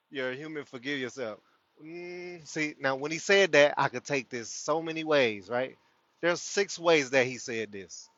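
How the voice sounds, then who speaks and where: A man's voice: a little high, a little slow, a bit bright, no echo. A man hosting a spiritual livestream, talking loosely to his viewers and laughing often. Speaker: host of a spiritual community livestream. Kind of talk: casual spiritual talk to viewers. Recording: dull lo-fi sound.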